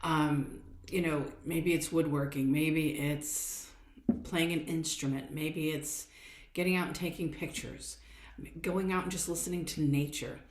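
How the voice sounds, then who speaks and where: Low-voiced chatty woman coach, echoey room. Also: fairly even intonation, measured pace. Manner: chatty, encouraging, repeats phrases, frequent "oh my God". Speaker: podcast host and coach. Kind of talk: casual motivational talk.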